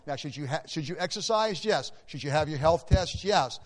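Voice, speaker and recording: A man's voice: on the high side, animated, normal speed, hardly any pauses. A man preaching a sermon as pastor, emphatic, repeating key phrases for his listeners. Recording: long hall reverb.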